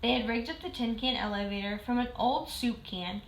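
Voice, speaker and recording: A woman reading a children's book aloud in a clear, steady storytelling manner. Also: on the high side, moderate pace, slight background noise. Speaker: reader. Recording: roomy echo.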